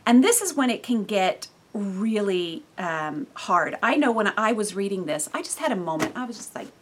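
Woman teaching the Bible, husky breathy voice, animated, laughs a lot, casual devotional talk. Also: mid-range voice, normal speed. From California. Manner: animated, laughing often, sudden bursts of loudness.

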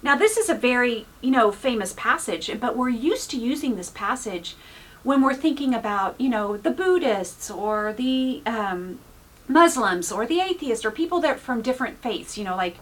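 Husky, breathy woman preaching conversationally. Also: a little high, very animated, moderate pace. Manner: informal, frequent "you know" fillers, earnest. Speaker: pastor. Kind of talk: conversational sermon.

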